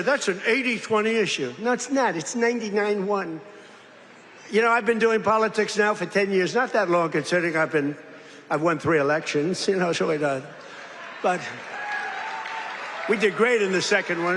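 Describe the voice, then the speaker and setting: A man's voice: sits high, moderate pace, a bit bright. An older man giving a rambling, boastful political speech with mocking asides, in a large industrial hall. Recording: echoey hall, faint crowd ambience.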